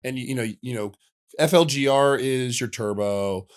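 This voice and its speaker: A man's voice: mid-range voice, normal speed. Emphatic man explaining on a podcast. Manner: emphatic, explanatory, uses car analogies. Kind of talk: casual podcast conversation.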